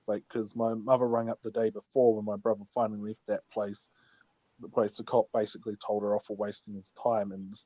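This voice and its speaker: A man's voice: fairly low pitch, no room sound. Male caller, blunt and sweary, dull dry call audio. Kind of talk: casual chat. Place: small rural community.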